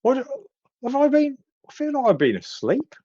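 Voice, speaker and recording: A man's voice: extremely high pitch, huge pitch swings, normal speed, mellow, lo-fi sound, voice pushed up, exaggerated voice. A man voicing a dazed older man with a Birmingham accent who stammers in bewilderment. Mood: confused.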